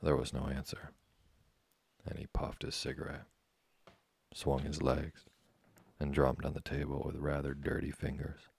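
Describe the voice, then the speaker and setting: A man reading a novel aloud as audiobook narration, in an even, unhurried storytelling manner. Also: very deep voice, creaky, husky. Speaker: audiobook reader.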